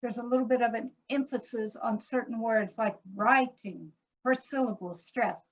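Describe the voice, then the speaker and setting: A woman composer explaining her work in a panel talk over a video call, slowing down to spell out words as examples. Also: a little high. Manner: illustrates points by speaking words slowly. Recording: dull lo-fi video call audio.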